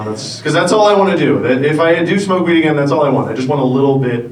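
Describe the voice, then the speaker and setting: A man's voice: a little high, expressive, fast, few pauses. A man in his thirties doing a loose, rambling stand-up set and bantering with the crowd. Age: 30s. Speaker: stand-up comedian. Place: theater stage. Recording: roomy live theater sound from a distance. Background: audience ambience.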